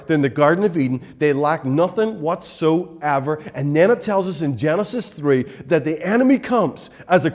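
A man's voice: fairly high pitch, a little mellow. A man preaching a sermon, telling a Bible story earnestly with rhetorical questions.

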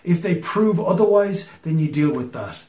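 A man's voice: on the high side, expressive, normal speed. Earnest man preaching in an echoey room. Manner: earnest and emphatic, often dropping to a hushed close. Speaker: pastor. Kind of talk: sermon.

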